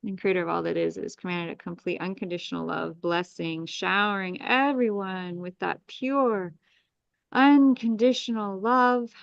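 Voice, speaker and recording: Woman guiding a soothing energy clearing. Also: medium pitch, moderate pace, no echo, lo-fi sound. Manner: soothing, repetitive spoken invocations and breathing cues. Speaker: astrologer leading a live group energy clearing. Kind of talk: guided energy-clearing meditation.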